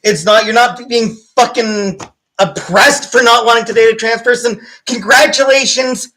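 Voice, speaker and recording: A woman's voice: a little high, fairly even intonation, normal speed, fairly bright tone, poor audio. A woman livestreamer ranting angrily and profanely to her chat, with an exasperated, mocking edge. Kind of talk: live-stream rant.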